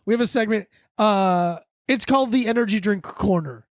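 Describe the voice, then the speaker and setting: High-voiced male podcast co-host. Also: no echo. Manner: quick reactive backchannels, dry jokes. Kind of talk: casual podcast chat.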